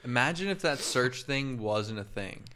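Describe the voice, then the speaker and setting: A man co-hosting a podcast in relaxed casual chat, swearing often. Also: mid-range voice, slight background noise. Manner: laid-back, profane, drawn-out phrasing. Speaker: podcast co-host.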